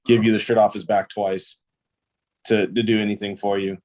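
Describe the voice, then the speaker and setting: A man's voice: lowish voice, level tone, moderate pace, darkish tone. A young man, a pro ballplayer, telling stories in a casual interview, easygoing and rambling with lots of fillers. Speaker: guest, pro baseball player.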